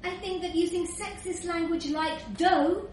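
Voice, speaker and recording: Slow, dry woman narrating. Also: extremely high pitch, a little mellow. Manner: dry, measured, lawyerly narration. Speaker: storyteller and lawyer narrator. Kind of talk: comic story reading. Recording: echoey room, distant mic, faint hiss.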